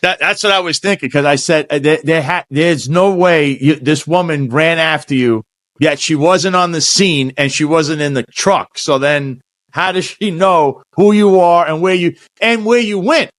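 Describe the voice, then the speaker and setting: A man's voice: on the high side, moderate pace, a bit bright, no room sound. A man hosting a podcast interview in a casual, rambling way, often restarting his sentences. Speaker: podcast host.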